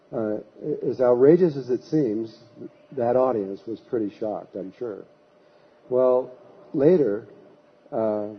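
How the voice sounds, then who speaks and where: Husky guy rambling thru a story at a talk, does the voices, dull lo-fi sound. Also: medium pitch. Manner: rambling anecdotes, acts out quoted voices. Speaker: lecturer. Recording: dull lo-fi recording.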